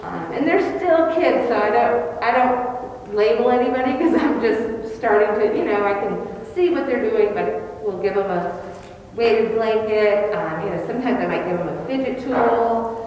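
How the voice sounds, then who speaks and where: Echoey kindergarten teacher talking to parents. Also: female voice, fairly high pitch, normal speed, distant mic, highs cut off. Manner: chatty, warm classroom explanations with many fillers. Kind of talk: informal info-meeting talk to parents. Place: large classroom, indoors. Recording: very echoey room, voice from afar, faint noise.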